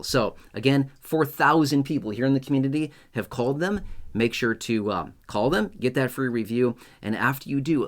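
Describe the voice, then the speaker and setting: A man hosting his own video channel, talking straight to his viewers in a chatty, repetitive and emphatic way. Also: medium pitch. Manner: chatty, repetitive, emphatic, acts out skits in raised voice. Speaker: YouTube host. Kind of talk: casual direct-to-camera talk.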